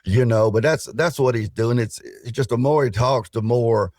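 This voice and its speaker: A middle-aged man in a casual podcast debate, speaking in a folksy, dismissive way with drawn-out phrasing. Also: mid-range voice, darkish tone, no echo, studio quality. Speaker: co-host panelist.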